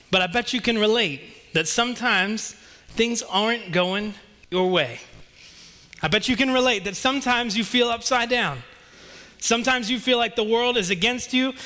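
A playful man telling a children's story to a congregation and then turning it into a sermon. His voice is high and bright, and he keeps things light by poking fun at himself. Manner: playful, self-deprecating storyteller.

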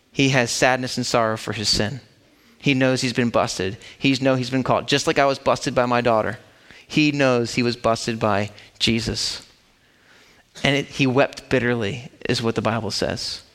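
A man's voice: mid-range voice, fairly bright tone. A man preaching a sermon in a casual, conversational way, acting out the story as he tells it. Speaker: pastor.

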